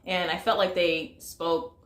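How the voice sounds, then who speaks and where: In an echoey room, an American woman with a low-ish, steady voice takes her time. She offers a casual, chatty vlog movie review full of fillers, speaking directly to viewers and calling them "y'all."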